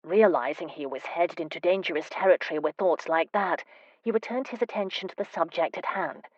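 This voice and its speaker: A woman with a lowish voice reads a historical romance in calm, even narration. The recording is close and dry, with a slightly dull, muffled top end. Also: fairly quick, dry recording. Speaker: audiobook narrator. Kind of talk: scripted narration.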